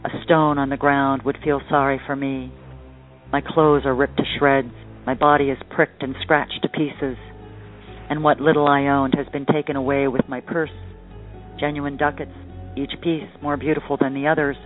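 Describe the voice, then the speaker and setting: A man's voice: medium pitch, level tone, moderate pace, lightly acted. A man voicing a frightened old male miser who wails and pleads, read from a storybook. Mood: pleading. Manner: wailing, pleading. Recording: tinny phone-like line, faint music.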